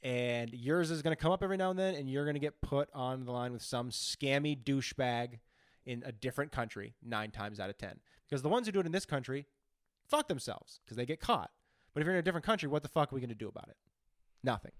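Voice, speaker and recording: A man co-hosting a podcast, ranting in casual comic chat with heavy profanity, jumping from loud outbursts to low mutters. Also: expressive, fast talker, dry recording, studio quality. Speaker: podcast co-host.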